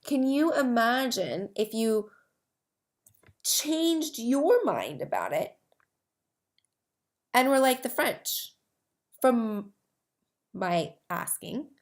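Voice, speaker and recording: A very animated woman with a slightly high voice draws out her words and leaves long pauses. Hosting her own herpes advocacy podcast, she talks casually to camera, rambling with many asides and restarts.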